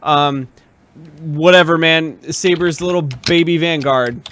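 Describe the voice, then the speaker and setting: A man co-hosting a live podcast, teasing the others with quick jokes in casual chat. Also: fairly high pitch, fairly bright tone. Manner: joking, teasing interjections. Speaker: podcast co-host.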